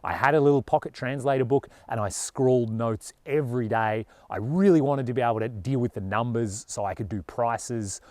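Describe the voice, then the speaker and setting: A man's voice: mid-range voice, normal speed, hardly any pauses, darkish tone, no room sound. A man with an Australian accent talking earnestly and casually to camera as a travel vlogger, with a lot of "you know".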